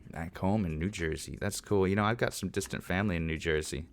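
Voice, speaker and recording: Deep-voiced chatty male streamer. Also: quick pace, a little hiss or hum. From California. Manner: chatty, jokey, explains while working. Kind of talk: casual livestream chat.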